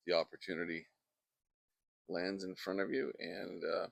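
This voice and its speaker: Man, painting instructor, low gravelly voice, chatty and digressive, close dry mic outdoors. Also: steady tone, moderate pace, a bit bright, no room sound. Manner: chatty, wandering off into asides. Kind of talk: casual painting demonstration. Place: outdoors in a backyard. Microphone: close microphone.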